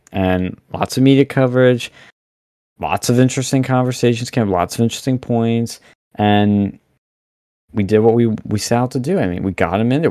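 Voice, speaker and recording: A young man talking as a podcast guest, animated and blunt, rambling with lots of fillers over a remote mic. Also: fairly low pitch, dry recording, clean studio sound. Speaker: podcast guest, campus event organizer. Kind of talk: casual podcast interview.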